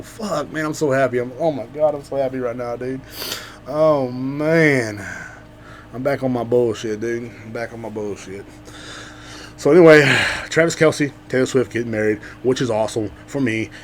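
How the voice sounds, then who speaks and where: A man riffs alone on his podcast in a loose, profane comedic monologue. He lurches from loud, excited bursts to half-swallowed mutters. His voice sits at an ordinary middle pitch, with a faint hum behind it. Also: fairly quick. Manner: rambling, profane, swings between loud outbursts and mutters. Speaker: podcast host.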